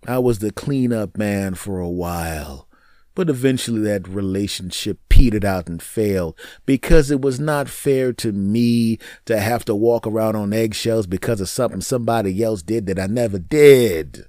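A man's voice: fairly low pitch, moderate pace, dry recording, clean studio sound. A man hosting his own podcast, telling a story from his life and acting out both sides of the conversation. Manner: animated, acts out both sides of the story with lively voices. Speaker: podcast host. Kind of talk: storytelling monologue.

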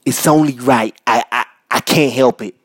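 A man from Minnesota hosting a podcast, talking casually and giving loud, repetitive shout-outs full of slang. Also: mid-range voice, moderate pace, husky. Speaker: podcast host. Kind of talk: casual solo podcast monologue. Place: North Minneapolis.

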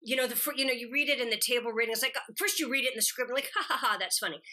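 A middle-aged woman chatting as an interview guest, her voice bright and somewhat high. She tells stories with animated energy, slipping into the quoted voices of the people in them. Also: very fast. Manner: animated storyteller acting out quotes. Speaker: guest actress. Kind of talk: casual interview chat.

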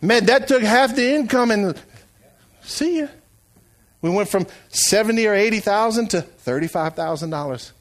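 A middle-aged man preaching a sermon as pastor, swinging from hushed asides to loud, shouted calls. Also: high-pitched, expressive, normal speed.

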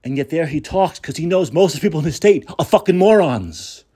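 A man's voice: a little high, expressive, a little fast, mellow, slightly rough. A man hosting a political talk show, delivering an angry, sarcastic and profane rant.

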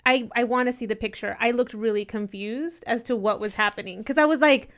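A woman's voice: on the high side, brisk. A young woman co-hosting a podcast, telling a funny personal story in a casual chat and acting out the people she quotes. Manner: animated storyteller, laughs often, acts out the people she quotes. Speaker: podcast co-host.

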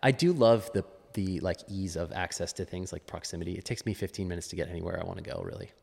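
Deep gravelly man musing as podcast guest. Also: fast, darkish tone, big-room sound. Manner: musing, with frequent restarts and laughs. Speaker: podcast guest, fitness coach. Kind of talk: casual interview chat.

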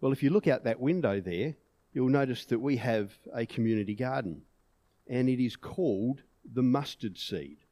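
A man's voice: medium pitch, animated, normal speed, dark tone, no echo. A man preaching a sermon in an earnest way, pushing emphatic peaks on key words.

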